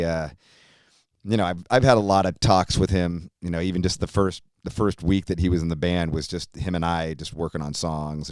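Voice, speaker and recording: A middle-aged man chatting as a podcast host, joking around in an easy, slangy way. His voice sits low and sounds smooth and clean. The sound is dry and close, with no room in it. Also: a little mellow, no room sound. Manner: chatty, joking, laid-back, drops into slang like "dude" and "man". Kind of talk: casual podcast monologue.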